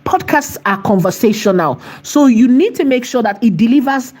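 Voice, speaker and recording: A woman's voice: a little high, lively intonation, darkish tone. Chatty woman teaching, repeats herself. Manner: chatty and emphatic, repeats phrases, asks "right?"; slows to dictate while typing. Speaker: AI tutorial host. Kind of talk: live screen-share tutorial.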